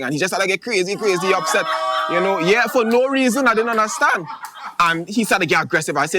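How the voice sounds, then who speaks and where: Fast, bright Trinidadian comic. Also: male voice, sits high. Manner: animated, chatty storytelling with dialect phrasing. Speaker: stand-up comedian. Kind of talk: stand-up comedy.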